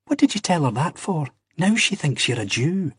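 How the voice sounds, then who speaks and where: A man's voice: fairly high pitch, sing-song, normal speed, slightly rough, no echo, studio quality, pitched above the performer's own voice, heavily acted. A man voicing a blunt, teasing young man with a Scottish accent.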